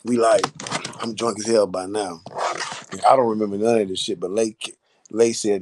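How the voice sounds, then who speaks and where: A man's voice: on the low side, fairly even intonation, moderate pace, a little mellow. Laid-back man telling a story. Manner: laid-back, profane, laughing. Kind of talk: casual storytelling.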